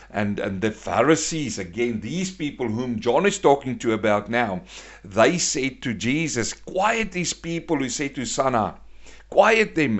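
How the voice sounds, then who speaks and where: A man preaching a sermon, asking his listeners questions and answering them himself, moving between hushed and loud passages. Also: mid-range voice. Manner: emphatic, asks the congregation questions and answers them.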